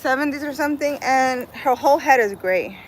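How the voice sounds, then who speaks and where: Animated and fairly quick, this high-voiced woman is a vlogger reading live chat on a casual walk through a city park. Her rambling talk is full of "like" and "I don't know." Slight background noise comes through on a rough recording.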